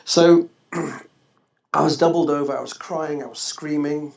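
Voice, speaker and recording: A man, a former social worker, telling a personal story in an interview, halting and restarting often. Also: fairly high pitch, fairly even intonation, gravelly. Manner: halting, with frequent restarts and fillers. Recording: echoey, slightly dull podcast audio.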